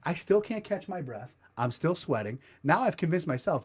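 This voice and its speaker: A man's voice: mid-range voice, sing-song, brisk, few pauses, husky. A man hosting a podcast, telling a story in a casual, profane, self-mocking way. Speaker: podcast host. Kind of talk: comedic storytelling.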